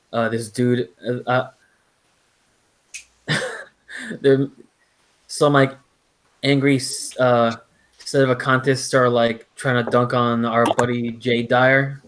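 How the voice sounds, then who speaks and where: A man's voice: mid-range voice, rough recording. Rambling man hosting a casual stream. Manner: rambling, full of fillers and restarts. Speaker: host. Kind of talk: casual chat on a live stream.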